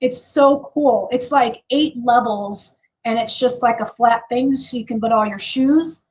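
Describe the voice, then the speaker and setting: A chatty woman with a Chicago accent hosts a live stream, talking in an unhurried way. Her voice sits a little high, and she laughs often and breaks off to start over. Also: a little mellow, rough recording. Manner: chatty, laughs often, many fillers and restarts. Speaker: livestream host. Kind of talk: casual live chat.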